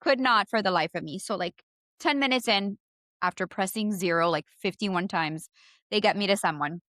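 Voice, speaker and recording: A woman in her thirties with an accent, co-hosting a podcast and telling a story in casual chat, animated and profane, acting out both sides of phone calls. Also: medium pitch, moderate pace, no room sound, clean studio sound. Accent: non-native English. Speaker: podcast co-host.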